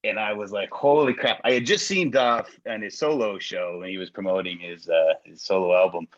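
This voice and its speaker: Rambling excited man telling a story. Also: deep voice, brisk. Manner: rambling, excited, self-deprecating with many fillers. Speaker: guest caller. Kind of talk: casual storytelling chat. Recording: dull lo-fi sound.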